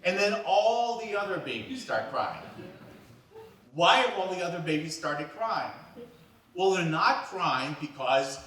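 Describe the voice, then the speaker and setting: A man from New York delivers a comic storytelling monologue, acting out the people he talks about. His voice sits a little high and swoops up and down. He is picked up from a distance in a very echoey hall with a faint hiss behind. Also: unhurried. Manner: animated, playful, acts out the people in his stories. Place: event hall.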